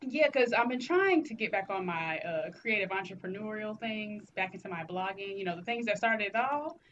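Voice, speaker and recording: A woman co-hosting a podcast in casual chat, talking in an animated, teasing, slangy way. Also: mid-range voice, normal speed, highs cut off, slight background noise. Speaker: podcast co-host.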